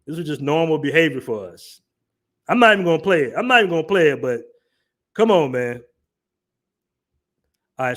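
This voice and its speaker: Laughing through his commentary, a livestream host reads his chat's comments out loud in a relaxed stream. He has a slightly high, somewhat bright voice.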